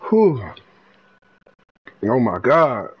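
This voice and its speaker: A young man from North Carolina, giving live gameplay commentary full of profane trash talk and bursts of yelling. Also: mid-range voice, sing-song, drawn-out words, slightly rough, highs cut off. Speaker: gamer streamer.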